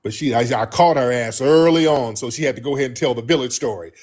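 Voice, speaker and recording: An American man hosts a casual commentary for his viewers, talking straight to them. He is emphatic and repeats himself, keeps calling the audience family, and his voice swings up high in pitch. His voice sits at a middle pitch for a man. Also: fast talker, darkish tone. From United States. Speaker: host.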